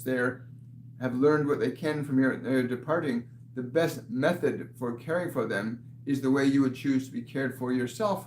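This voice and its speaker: A man working as a spiritual medium, answering viewer questions in a live session, earnest and often restarting his phrases. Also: mid-range voice. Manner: earnest, repeats and restarts phrases, laughs softly. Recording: echoey room with faint hum.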